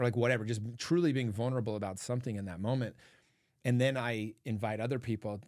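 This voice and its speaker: Earnest low-voiced man telling stories. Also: fairly even intonation, fast, no echo, clean studio sound. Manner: earnest, storytelling, frequent "like" fillers. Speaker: podcast guest, men's coach. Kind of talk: casual podcast conversation.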